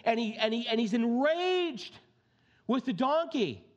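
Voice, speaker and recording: A male pastor preaches in a high voice that swings widely in pitch. He mixes scripture reading with chatty, direct asides to the congregation, and his delivery is lively and conversational. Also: measured pace, highs cut off. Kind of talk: sermon.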